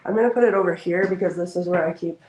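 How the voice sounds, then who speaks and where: A woman on a live ghost hunt streaming from a phone on a selfie stick inside an old house, speaking softly and coaxingly to the spirits. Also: fairly low pitch, quick pace, roomy sound, lo-fi sound.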